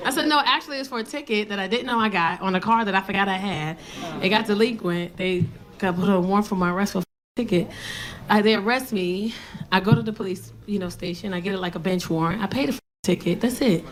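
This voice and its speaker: On a comedy club stage with a handheld mic, a stand-up comedian in her thirties tells brash, profane stories and acts out the voices of the people in them. Her mid-range voice has lively intonation and a normal speed with frequent pauses, while the crowd laughs in the background.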